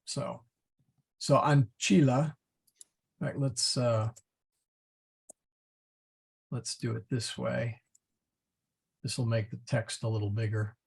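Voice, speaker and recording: This male Latin teacher walks his class through the material one step at a time, patient and methodical, with many pauses and fillers. His mid-range voice holds a steady tone and sounds creaky and husky.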